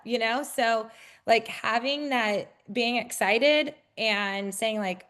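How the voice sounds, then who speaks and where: A woman real estate agent in a casual interview, talking with many fillers and acting out bubbly, high-pitched greetings. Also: a little slow, a bit bright.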